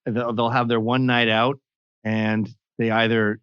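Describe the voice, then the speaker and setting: A man's voice: medium pitch, little pitch movement, measured pace, clear, resonant tone, dry recording, lo-fi sound. A man talking casually as a podcast guest, telling crude, blunt stories. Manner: crude, blunt storytelling with acted quotes.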